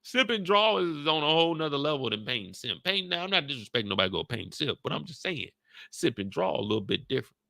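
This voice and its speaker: Chill guy vlogging, slangy and repetitive, kinda high and bright. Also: big pitch swings, quick pace, vocal fry, dry recording. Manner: laid-back, slangy, repeats his points. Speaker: YouTube show host. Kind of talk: casual recap chat.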